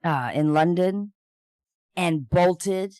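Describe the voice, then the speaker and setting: Co-host with a smooth, clear voice, wry delivery, dry close sound. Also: mid-range voice, extremely slow, darkish tone, no echo. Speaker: podcast co-host. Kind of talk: casual chat, reading news stories.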